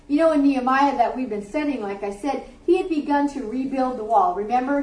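A woman's voice: high voice, reverberant, recorded from a distance, low-quality recording. A middle-aged woman giving a sermon to a group, earnest and conversational, with offhand asides. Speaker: Bible teacher. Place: warm room with a group.

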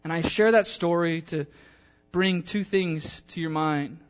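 A man's voice: a little high, measured pace. A male pastor preaching a sermon, telling a personal story in a chatty, emotional way with many fillers, then reading scripture aloud.

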